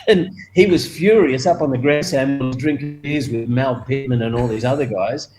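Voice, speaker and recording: With music playing in the background of a low-quality recording, an older Australian man, a retired motorcycle racer, narrates a story in an interview at a moderate pace. He animatedly voices the other people with a raised pitch, and laughs as he goes.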